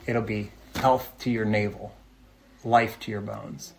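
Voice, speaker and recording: A man's voice: lowish voice, level tone, takes it slowly, creaky, a little hiss or hum. A man preaching a sermon in an earnest, conversational way, often asking his listeners rhetorical questions. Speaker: pastor.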